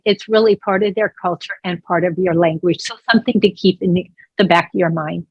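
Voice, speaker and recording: A woman's voice: medium pitch, fairly quick, husky, dry recording, muffled recording. A woman working as a voice interpreter, speaking a sign-language lesson aloud in an explanatory, conversational way with small restarts. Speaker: voice interpreter for a deaf presenter.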